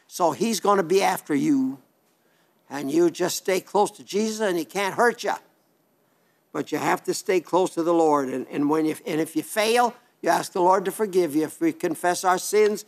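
An older man from South Dakota preaches in a plain, homely way, often breaking off and restarting his sentences. His voice is gravelly and sits slightly high for a man. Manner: plainspoken, folksy, rambling with restarts. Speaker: radio preacher. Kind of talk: homely broadcast sermon reading listener letters.

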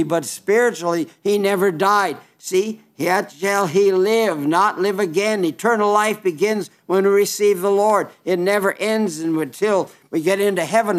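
High-voiced man preaching a folksy sermon. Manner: folksy, emphatic preaching with sudden drops to low, wry asides; quotes scripture in King James wording.

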